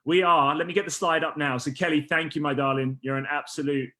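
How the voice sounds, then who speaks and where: A man hosting a casual business team call, energetic and rallying, who says he is losing his voice. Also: on the high side, fairly quick. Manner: energetic, rallying, restarts often.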